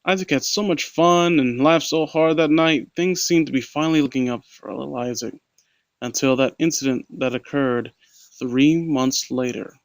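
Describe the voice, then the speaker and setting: With a mid-range voice at normal speed and no room sound, this man narrates and critiques a horror story into a close home mic. He stumbles and restarts frequently, breaking off for sarcastic, mocking commentary.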